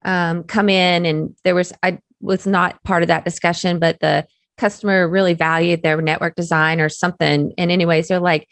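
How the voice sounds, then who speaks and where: A woman with a Southern US accent, a guest chatting in an interview, talking faster with lots of "you know" fillers as she gets excited. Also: on the low side, creaky, no room sound. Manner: chatty, speeds up when excited, many fillers. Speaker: guest, technical curriculum developer. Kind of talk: casual interview talk.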